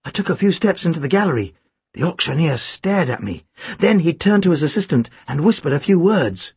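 Expressive husky-voiced male storyteller. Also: on the high side, brisk, no echo. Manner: expressive, animated reading. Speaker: audiobook narrator. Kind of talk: first-person storybook narration.

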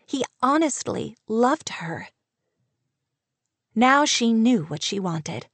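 A woman narrating a romance novel in a steady, even storytelling voice. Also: medium pitch, no echo. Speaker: audiobook narrator. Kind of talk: scripted narration.

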